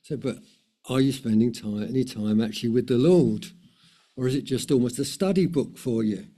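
A man's voice: mid-range voice, moderate pace, dark tone. A man preaching a sermon in a conversational way, with many fillers and repetitions.

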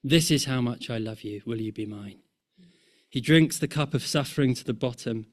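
A man preaching a sermon, rhythmic and impassioned, rising in force and falling to a hush. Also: mid-range voice. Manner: slow, rhythmic, swelling and dropping to near-hush.

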